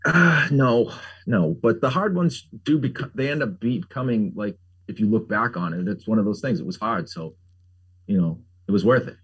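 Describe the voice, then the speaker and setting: A man's voice: fairly low pitch, lively intonation, moderate pace, breathy edge, muffled recording. A middle-aged man, a pumpkin carver, chatting casually as an interview guest, rambling with lots of fillers and jokes. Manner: rambling, frequent "like" fillers, jokey.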